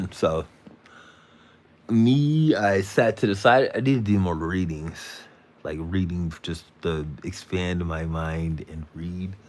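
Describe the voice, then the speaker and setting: A man's voice: low voice, slow pace. A man hosting a live stream, telling a rambling story in slangy casual talk, sounding tired. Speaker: livestream host.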